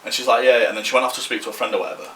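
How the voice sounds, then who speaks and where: A man's voice: medium pitch, flat delivery, rapid-fire, bright, forceful tone, roomy sound, far from the mic, slight background noise. A man, telling a rambling story on a podcast, slangy and swearing freely. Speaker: podcast co-host. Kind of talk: casual storytelling.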